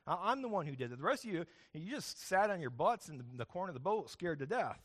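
A man's voice: high voice, very animated, fast, fairly bright tone, full character voice. A man preaching, putting on the apostle Peter as a brash, boastful fisherman who brags in a raised voice.

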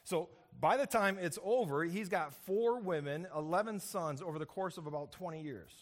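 Animated storytelling preacher, fairly high voice. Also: male voice, moderate pace. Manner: conversational storytelling with frequent "right?" asides and repeated "and, and"; acts out characters' quotes with shifting pitch and loudness. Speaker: pastor. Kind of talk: sermon.

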